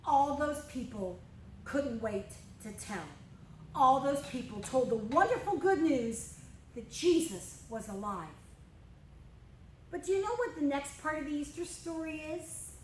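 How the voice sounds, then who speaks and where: A woman with a bright, high voice leads a children's Bible lesson, drawing as she goes. She tells the story expressively and keeps asking the kids questions. Her voice rings a little in a roomy church space over a faint hiss. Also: unhurried. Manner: expressive, addresses children directly. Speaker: children's ministry teacher. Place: church room.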